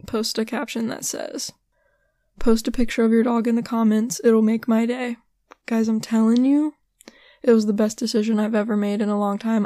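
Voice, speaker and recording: A woman's voice: a little high, mellow, no echo, studio quality. A young woman rambling in a casual, giggly solo chat at her home mic, swearing casually and sounding hyper. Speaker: podcast host. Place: small room at home. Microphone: home desk mic.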